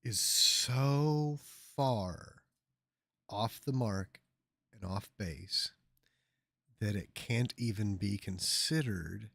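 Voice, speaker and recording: A man's voice: fairly low pitch, extremely slow, creaky, fairly bright tone, husky, no echo, studio quality. A man hosting a livestream, giving sarcastic, mocking political commentary and ranting over clips. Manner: sarcastic, ranting, mocks by repeating. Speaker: livestream host.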